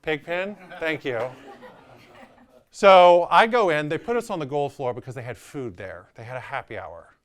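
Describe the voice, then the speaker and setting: A real estate agent in his thirties with a New Orleans accent tells a personal story with animated candor, doing the voices of the people he quotes. His voice sits on the high side and moves at a normal speed.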